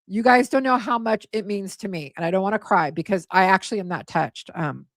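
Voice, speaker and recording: A tired, hoarse woman hosting a casual livestream, thanking her viewers and getting emotional, and stumbling over names. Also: mid-range voice, fairly quick, no room sound, clean studio sound. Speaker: livestream host.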